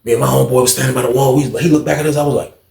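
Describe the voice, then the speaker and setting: A man telling a story in a casual, animated, slangy and profane way. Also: medium pitch, racing, gravelly, echoey room, a crowd in the background.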